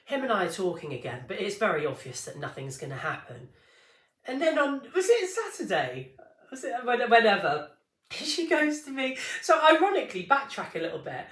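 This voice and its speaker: A woman's voice: lowish voice, a bit bright. A middle-aged woman co-hosting a podcast, chatting candidly, swearing and laughing as she acts out quoted lines. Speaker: podcast co-host. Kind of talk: casual chat. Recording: echoey room.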